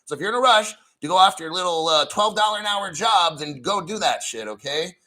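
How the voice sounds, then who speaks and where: A foul-mouthed middle-aged man with a slightly high, sharp and forceful voice hosts a livestream, ranting combatively. He rambles from one complaint to the next without any polish. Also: expressive, brisk, rough recording. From United States. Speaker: crypto livestream host. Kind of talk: profane ranting livestream talk.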